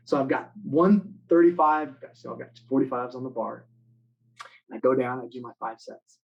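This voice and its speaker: A man giving a motivational talk to students in an online live session, telling stories with lively acted-out quotes. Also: medium pitch, moderate pace, creaky, muffled recording. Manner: animated storytelling, acting out quoted lines. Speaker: motivational speaker.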